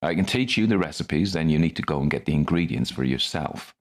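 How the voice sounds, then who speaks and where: A man voicing a grey-bearded old Victorian chemist with a West Country accent, measured and stern. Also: rumbling low, lively intonation, heavily acted. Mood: explaining. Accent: West Country English.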